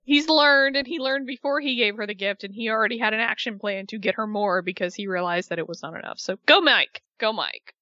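A woman talks over a show's events in casual chat, animated and quick to act out whoever she is quoting. Her voice is bright, recorded dry with a slightly dull, lo-fi sound. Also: mid-range voice, dry recording. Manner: animated retelling, acting out the people she quotes. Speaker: podcast co-host recapping a reality show.

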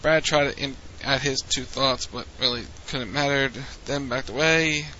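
Chatty man recapping with a sharp, bright voice. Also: mid-range voice, steady tone, unhurried, dull audio, slight background noise. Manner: rambling, chatty, with frequent restarts. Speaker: podcast co-host recapping wrestling. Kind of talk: casual recap chat.

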